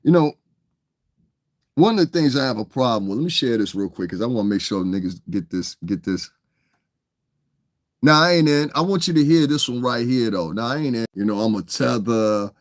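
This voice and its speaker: A man's voice: mid-range voice, lively intonation, fairly quick, pauses often, no room sound, studio quality. A man with a New York accent giving blunt, profane livestream commentary, often tagging lines with "you understand what I'm saying". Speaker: online commentator.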